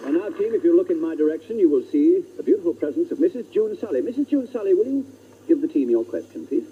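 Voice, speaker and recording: A man's voice: on the high side, lively intonation. Jovial man chairing an old radio panel show. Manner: brisk, jovial, formal introductions. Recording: muffled old radio broadcast with hiss.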